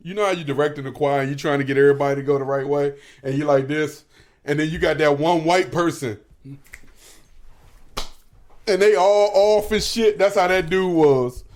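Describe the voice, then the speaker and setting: A man's voice: a little high, normal speed, a little mellow. A man co-hosting a podcast from home, chatting casually, profane and laughing often. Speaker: podcast co-host. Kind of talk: casual chat.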